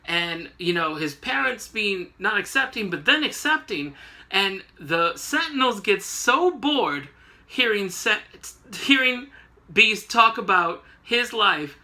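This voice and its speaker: A man's voice: high-pitched, expressive, slow pace, sharp tone. A man hosting a casual comic book recap, rambling and joking with lots of fillers. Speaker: host.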